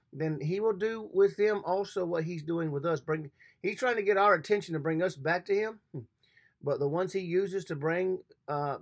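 Gravelly, husky-voiced man preaching earnestly. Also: on the high side. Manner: earnest preaching, repeats words, reads scripture aloud slowly. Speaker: pastor. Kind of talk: sermon devotional.

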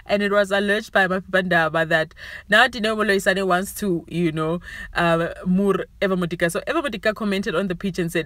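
A woman's voice: medium pitch, fairly even intonation, moderate pace, sharp tone, no room sound. A young woman hosting a celebrity gossip channel, chatting casually and sounding amused. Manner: chatty and amused, often giggling.

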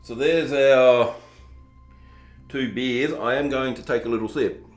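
A man's voice: mid-range voice, unhurried. A man from Tasmania with an Australian accent, chatting casually and jokily as he reviews drinks for his home video channel. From southern Tasmania. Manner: chatty, self-mocking, plays up the poshness as a joke. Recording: roomy echo with faint background music.

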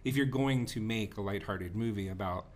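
A man's voice: on the low side, normal speed, darkish tone. A man co-hosting a movie podcast, chatting casually and with strong opinions, often breaking into laughter. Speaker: podcast co-host.

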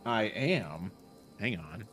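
A man playing a tabletop game, speaking hesitantly with many pauses. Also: fairly low pitch, expressive, a bit bright, husky. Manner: hesitant, halting speech. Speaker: player. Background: faint background music.

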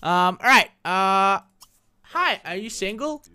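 A young adult commentating a life-simulation game in a casual, slangy, excitable way, laughing often. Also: medium pitch, slow, clean tone, dry recording, studio quality. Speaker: gameplay commentator. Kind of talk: casual Let's Play commentary.

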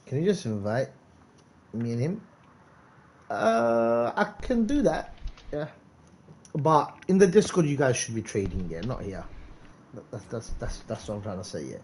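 A man's voice: medium pitch, unhurried, long pauses, slight background noise. A man streaming a game live, chatting casually and calling out viewers by name. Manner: excitable, calls out viewers by name. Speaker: gaming streamer.

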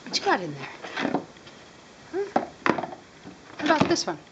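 A woman coos at a dog in high, bouncy baby talk, her pitch leaping up and down. She sounds homey and affectionate, caught on a home camcorder. Clear background noise sits under her voice. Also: wildly swooping pitch, a little slow, dull audio. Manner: sing-song baby talk to a pet. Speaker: dog foster carer. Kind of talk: home video talking to a dog. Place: home with dogs.

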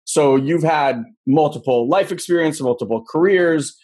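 A man's voice: a little high, normal speed, darkish tone, slightly rough. A man hosting an interview in a loose, chatty way with many fillers. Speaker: interview host. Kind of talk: casual interview.

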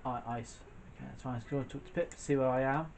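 A man's voice: medium pitch, fairly even intonation, fast talker, vocal fry, a little mellow, slight background noise. A man giving jokey, reactive let's play commentary, talking back at the game as he plays. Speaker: gamer.

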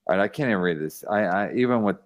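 The podcast host's voice is on the low side, and he races through casual chat. He curses freely and often stammers as he restarts his sentences.

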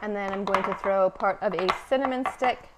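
A woman from Afghanistan talks through a recipe on a live cooking stream from her home kitchen. Her voice sits at a middle pitch, and her delivery is chatty and wry, with teasing asides. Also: brisk, background noise. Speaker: cooking show host.

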